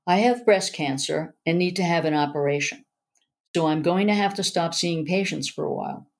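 A woman reading as a soft-spoken female therapist. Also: fairly low pitch, moderate pace, creaky. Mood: gentle. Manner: soft, simple, reassuring.

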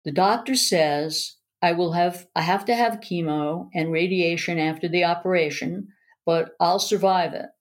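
A woman reading as a soft-spoken female therapist. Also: lowish voice, a little slow. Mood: gentle. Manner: soft, simple, reassuring.

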